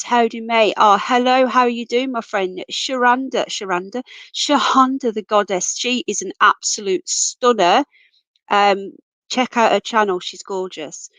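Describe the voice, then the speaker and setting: Woman, livestream host, affectionate and chatty, a cold taking her voice, pitched a touch high, dry close sound. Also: fairly bright tone, no echo. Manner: chatty, calls everyone darling and sweetheart. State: voice going, coming down with a cold. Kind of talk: casual live chat reading comments. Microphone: computer mic, off camera.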